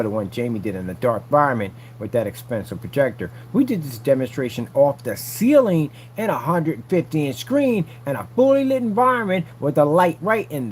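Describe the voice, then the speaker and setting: Man hosting a vlog, rambly and repetitive, slangy, lively swinging pitch, faint hum behind. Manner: animated, repetitive, talks straight to viewers, frequent slang. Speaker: channel host showing his screen technology. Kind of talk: casual rambling vlog monologue.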